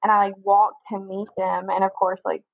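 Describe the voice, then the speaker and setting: A young woman shares a personal story as an interview guest, candid and rambling, putting "like" in nearly every sentence. Her medium-pitched, gravelly voice barely moves in pitch at a normal speed, with no room sound and a dry, narrow, phone-like quality.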